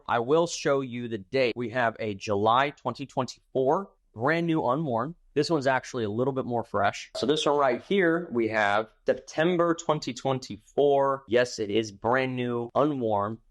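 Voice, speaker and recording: Chatty enthusiastic man showing off a watch. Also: mid-range voice. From Texas. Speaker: watch dealer and show host. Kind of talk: casual product showcase.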